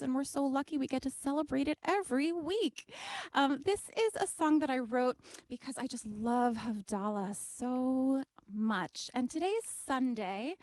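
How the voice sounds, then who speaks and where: Chatty female singer-songwriter, slightly high voice, dry close sound. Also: dry recording. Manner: lively, chatty storyteller. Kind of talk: casual talk introducing a song.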